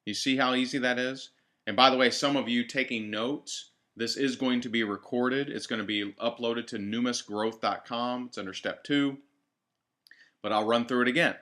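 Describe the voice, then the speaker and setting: Brief: male trainer, bright tone, direct coaching delivery, repeats key lines for emphasis. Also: medium pitch, steady tone, normal speed. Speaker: network marketing trainer. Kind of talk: team training talk.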